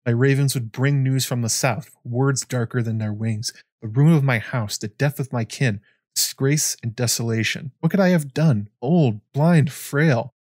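A man's voice: mid-range voice, measured pace, a little mellow, no echo, clean studio sound, lightly acted. A man reading aloud as an ancient, blind, weary male scholar, solemn and reflective. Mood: grieving. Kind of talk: reading a novel passage aloud.

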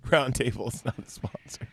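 A man's voice: medium pitch, slight background noise. A man bantering on a comedy podcast, arguing silly points in a mock-serious way and laughing a lot.

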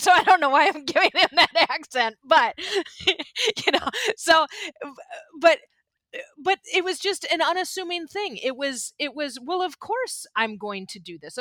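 A woman's voice: fairly high pitch, bright, forceful tone, smooth, dry recording. A woman hosting a podcast interview, talking reflectively with many restarts and fillers. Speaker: podcast host. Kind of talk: reflective conversational talk.

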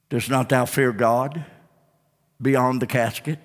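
A man's voice: medium pitch, steady tone, slow, pauses often. A male pastor preaching a fervent sermon with repeated refrains and call-and-response, recorded in a church sanctuary. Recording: long church reverb.

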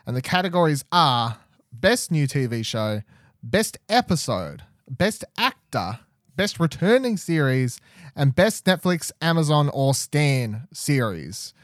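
A man's voice: fairly high pitch, big pitch swings, takes it slowly, dry recording, studio quality. A man hosting a podcast in casual, chatty talk, often laughing. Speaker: podcast host.

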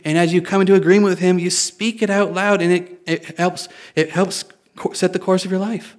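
A man's voice: sits high, fairly even intonation, fairly quick. A male pastor giving a conversational sermon, often restarting his sentences and making light jokes. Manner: conversational, self-correcting, joking.

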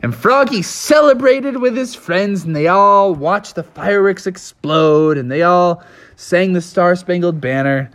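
An adult telling an improvised story to a child, animated and lively. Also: medium pitch, unhurried. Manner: animated, lively, with many put-on voices.

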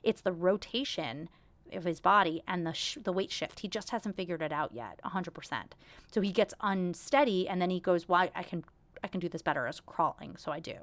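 A woman's voice: fairly low pitch, a little fast, dry recording. A woman in her thirties hosting a casual solo podcast, talking candidly in a chatty, self-deprecating way. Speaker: podcast host.

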